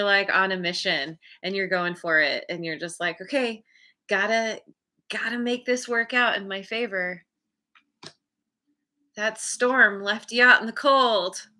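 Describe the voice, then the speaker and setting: Bright, chatty woman reading tarot. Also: medium pitch, unhurried. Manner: chatty, laughs often, acts out quoted reactions. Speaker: tarot reader. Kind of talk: casual spoken tarot reading.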